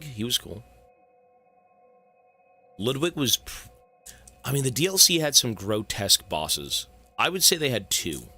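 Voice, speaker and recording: A young male streamer chats with his viewers in a rambling, profane, off-the-cuff way. His voice is very bright and forward, and his pitch moves around a lot from line to line. Faint music plays underneath. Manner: rambling, profane, talks to chat. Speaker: game streamer. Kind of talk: casual live-stream chat.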